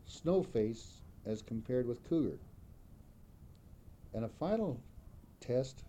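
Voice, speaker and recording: Man, slow and measured, very dark mellow tone, faint rumble behind; careful explainer. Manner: measured, careful, repeats example words.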